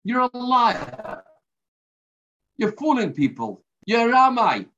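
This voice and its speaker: A man doing a furious shouting father. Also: extremely high pitch, very animated, takes it slowly, voice pushed up, heavily acted. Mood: outraged. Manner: shouting accusations. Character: furious father yelling at a zookeeper. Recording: dull lo-fi recording.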